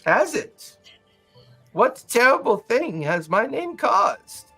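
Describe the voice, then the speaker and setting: A man voicing a gentle elderly male mystic who speaks courteously and unhurriedly, with a faint teasing edge. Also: very high-pitched, very animated, takes it slowly, slightly rough, faint music behind, pitched above the performer's own voice, exaggerated voice. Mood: probing.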